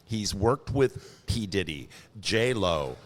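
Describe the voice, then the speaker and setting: A man's voice: low voice, big pitch swings, takes it slowly. A man co-hosting a casual podcast from a bar, rambling, laughing and cutting himself off mid-sentence. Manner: rambling, laughing, self-interrupting. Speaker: podcast co-host. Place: bar venue during a live podcast taping.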